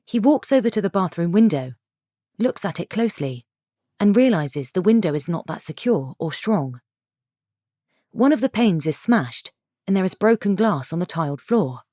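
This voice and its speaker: Low-voiced woman reading a story. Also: sing-song, normal speed, dark tone, dry recording, studio quality. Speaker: narrator.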